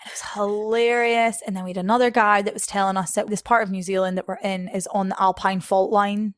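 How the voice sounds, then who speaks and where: A woman's voice: medium pitch, little pitch movement, fairly quick, dry recording, clean studio sound. A young Scottish woman, a podcast guest, telling travel stories in a chatty way, laughing often and acting out what others said. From Scotland. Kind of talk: casual storytelling interview.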